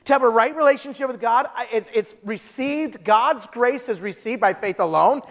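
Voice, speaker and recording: A woman's voice: fairly high pitch, moderate pace, in a large hall, close to an everyday voice. A man preaching, voicing a skeptical woman who questions what she is told. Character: skeptical woman hearing the gospel.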